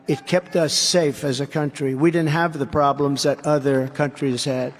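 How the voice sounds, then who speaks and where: A man's voice: on the high side, flat delivery, normal speed. A man making a campaign rally speech in a large arena, combative and repetitive, with sarcastic asides. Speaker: politician addressing a rally. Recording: long arena reverb.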